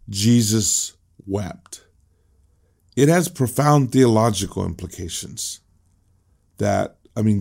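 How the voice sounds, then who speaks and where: Gravelly low-voiced male pastor. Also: a little mellow. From United States. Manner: reads scripture then explains it, repeating words in restarts. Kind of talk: devotional Bible teaching.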